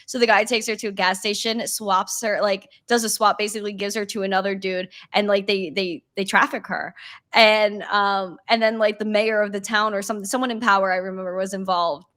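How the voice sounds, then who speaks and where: A woman's voice: mid-range voice, steady tone, a little fast, a bit bright. A young woman in casual chat, rambling with many fillers and laughing easily.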